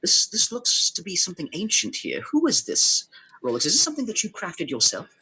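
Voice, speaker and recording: A man voicing a curious young woman who asks eager questions in a raised, excited voice. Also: sits high, fairly quick, breathy edge, pitched above the performer's own voice, full character voice, rough recording. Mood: fascinated.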